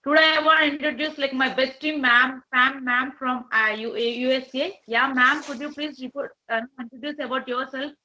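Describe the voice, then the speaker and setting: A woman's voice: high voice, steady tone, moderate pace, hardly any pauses, bright, forceful tone, dull audio. A woman hosting a chat, talking hesitantly with many fillers and restarts. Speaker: host. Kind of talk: casual interview chat.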